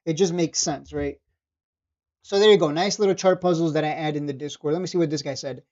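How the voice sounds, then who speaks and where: A man's voice: a little high, steady tone, a little fast, darkish tone, lo-fi sound. A man streaming stock trading, casually going over charts and chat questions in a blunt, profane way, often laughing and repeating himself. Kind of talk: casual livestream commentary reading chat.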